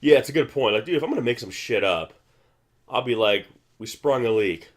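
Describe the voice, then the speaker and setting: A man's voice: mid-range voice, expressive, fast. A man hosting a casual movie commentary, rambling with many restarts and fillers. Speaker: film commentary host.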